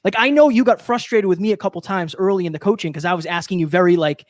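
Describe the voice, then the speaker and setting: A man's voice: sits high, fast talker, dry recording, clean studio sound. A man co-hosting an interview, asking loose, probing questions in a casual way. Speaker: podcast co-host.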